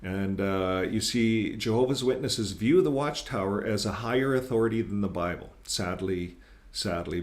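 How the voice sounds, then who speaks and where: Earnest low-voiced man hosting commentary. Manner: rambling, repeats words, many uh fillers; earnest, critical, grows emphatic when quoting. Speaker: channel host. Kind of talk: casual commentary reading from articles.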